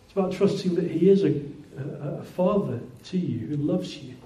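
A man's voice: a little high, normal speed, mellow. A man preaching a sermon in a conversational way, often repeating words and restarting phrases. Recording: roomy echoing hall.

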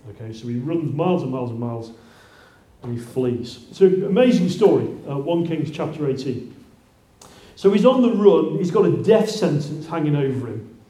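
A fairly high-pitched male preacher gives a conversational sermon and often restarts his sentences. His tone is mellow. The sound is roomy and echoing, as in a church. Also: animated, moderate pace. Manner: conversational, with many restarts and rising exclaims. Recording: roomy echo.

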